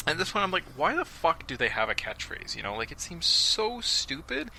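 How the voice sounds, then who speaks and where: Bright, sarcastic male podcast host. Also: medium pitch, normal speed, creaky, few pauses, poor audio. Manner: sarcastic, animated storytelling with mocking quoted voices. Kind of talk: casual podcast recap.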